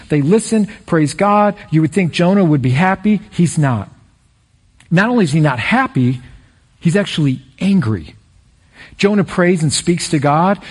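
Husky, high-voiced man preaching a sermon. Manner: energetic preaching, rising to excited peaks. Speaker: pastor.

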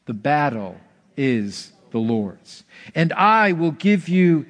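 A man preaching a sermon, telling a scripture story in an animated way, with bursts of excitement and dramatic slowdowns. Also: mid-range voice, soft background music. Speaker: pastor.

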